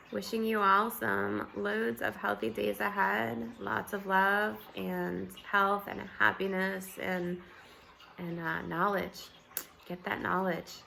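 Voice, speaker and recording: A woman vlogger with a scratchy, just-woken voice, chatting casually at home, relaxed and rambling with fillers and soft laughs. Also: mid-range voice, vocal fry. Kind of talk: casual morning chat to camera.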